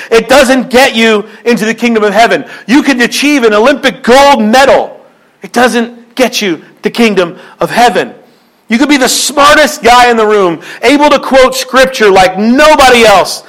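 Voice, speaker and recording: A man's voice: very high voice, fairly bright tone, poor audio. A man pastor preaching a sermon with repeated phrases and rising emphasis, acting out quoted voices in a joke.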